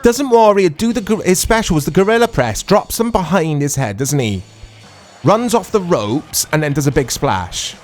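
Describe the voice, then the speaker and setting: A middle-aged man chatting casually and excitably as he comments on a retro video game he is playing, rambling and laughing often. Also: a little high, normal speed, faint music behind. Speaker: retro gaming YouTuber.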